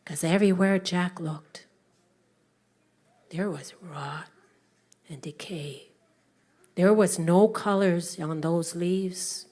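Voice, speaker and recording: A woman telling a story to families, animated, swinging between whispers and loud calls. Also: lowish voice.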